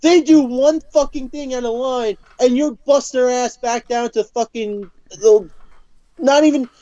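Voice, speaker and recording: A woman's voice: sits high, a little slow, dark tone, dry recording. A woman co-hosting a podcast, delivering a furious, profanity-heavy rant full of stammered restarts. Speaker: podcast co-host. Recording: dull lo-fi podcast audio.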